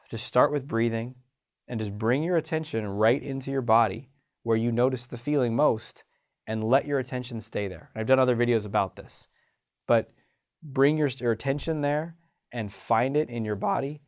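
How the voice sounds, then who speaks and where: A man hosting a self-help show about confidence, talking in an animated way and acting out inner voices. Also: mid-range voice. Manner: animated, acts out inner voices, frequent restarts. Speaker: host and confidence coach. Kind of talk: motivational self-help talk.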